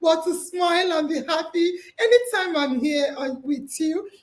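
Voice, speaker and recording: A woman's voice: extremely high pitch, normal speed, reverberant. A woman hosting a casual live chat, bubbly and full of laughter, speaking to her listeners as family. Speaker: podcast host.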